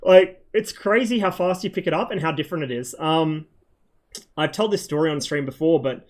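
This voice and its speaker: A man's voice: on the high side, fairly quick. A man in his thirties from Australia, chatting loosely with viewers on a game stream, rambling and swearing a lot. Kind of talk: casual chat on a game stream.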